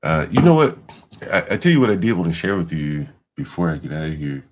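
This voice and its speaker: A man's voice: sits low, sing-song, fast talker, a little hiss or hum. A man hosting a livestream, talking in a rambling, loose way with casual profanity. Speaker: livestream host.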